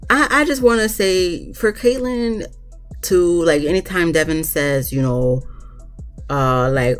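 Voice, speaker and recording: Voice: medium pitch, takes it slowly, soft background music. A reviewer recapping a reality show in casual chat, ranting bluntly with plenty of swearing and acting out what others said. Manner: blunt, profane, animated ranting; often acts out quotes of others.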